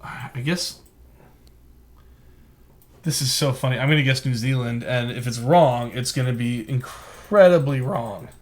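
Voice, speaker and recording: A man talking himself through a geography guessing game as he plays. He rambles, thinks out loud and pokes fun at his own cluelessness in a loose, casual flow. His voice sits at a middle pitch for a man. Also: a little slow, pauses often. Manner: rambling, thinks aloud, self-mocking. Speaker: game streamer. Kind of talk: live gameplay commentary.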